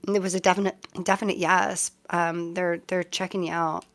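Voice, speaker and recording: A woman's voice: lowish voice, level tone, fairly quick, a bit bright, faint music behind. A middle-aged woman hosting a casual live-stream tarot reading, chatty and easily sidetracked, often breaking into giggles.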